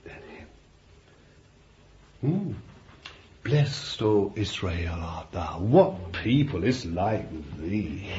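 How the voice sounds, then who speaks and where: An English preacher delivers a fervent sermon at an unhurried pace. His voice climbs high in bursts of exhortation, then drops to quiet, confiding asides. The recording is dull and lo-fi, with faint hiss underneath. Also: big pitch swings. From England.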